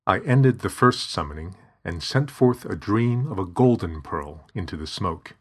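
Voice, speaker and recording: Male narrator, low and husky, reading steadily. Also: lively intonation, measured pace. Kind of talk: scripted narration.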